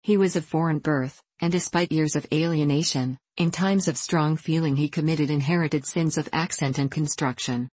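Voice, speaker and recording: A woman narrating an audiobook in a calm, measured reading voice. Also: deep voice, dry recording.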